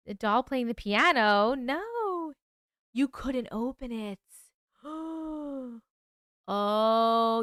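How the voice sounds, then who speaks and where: A woman's voice: on the high side, fairly bright tone, smooth, no room sound, clean studio sound. Sleepy, chatty woman streamer. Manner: chatty, yawning, reacting to chat with swearing and laughs. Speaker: livestream host reading viewer stories. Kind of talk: casual livestream chat.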